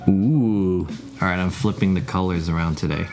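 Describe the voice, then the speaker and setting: Live streaming from home with music playing in the background, a man with a low voice speaks at a moderate pace. He chats casually with his viewers, rambling and swearing as he answers them.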